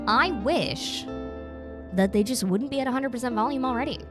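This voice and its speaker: A woman's voice: a little high, fairly quick. Bubbly woman streamer over game music. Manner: chatty, playful, bubbly, reads chat aloud; slips into soft quiet mock accent. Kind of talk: casual live game stream chat. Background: game music playing.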